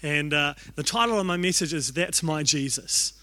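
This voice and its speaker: A young man preaching a storytelling sermon in an animated, self-deprecating way, acting out the thoughts he quotes. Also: on the high side, normal speed.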